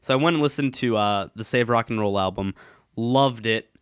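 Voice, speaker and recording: Rambling young man, smooth dry voice. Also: medium pitch, normal speed, no room sound. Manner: rambling, many ums and restarts. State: slightly congested. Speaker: YouTube commentator. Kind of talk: casual solo chat. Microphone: headphones, desk mic.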